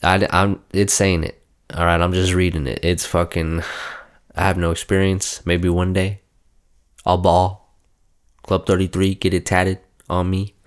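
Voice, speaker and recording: A man's voice: sits low, level tone, a little slow, clear, resonant tone. A young man hosting a podcast, rambling and swearing as he reads aloud from his phone and mocks himself. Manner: profane, rambling, self-mocking. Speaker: podcast host. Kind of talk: casual chat, reading aloud from a phone.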